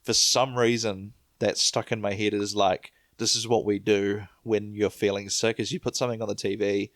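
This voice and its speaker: Laughing New man, low voice. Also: little pitch movement, moderate pace, no room sound, clean studio sound. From New Zealand. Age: 30s. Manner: laughs often, rambling anecdotes. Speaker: podcast host. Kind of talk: casual chat.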